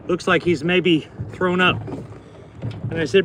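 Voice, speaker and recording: Slow-talking man rambling outdoors. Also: sits high, fairly even intonation. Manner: rambling, telling corny jokes between chores. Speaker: livestreaming farmer. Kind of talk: casual chat while working outdoors. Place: outdoors in a field by a fence. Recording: noisy outdoor phone recording.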